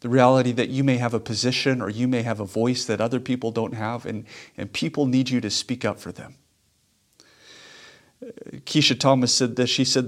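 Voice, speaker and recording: A man's voice: medium pitch, fairly even intonation, moderate pace. Earnest man preaching a sermon. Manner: earnest, emphatic preaching with repetition. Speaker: pastor.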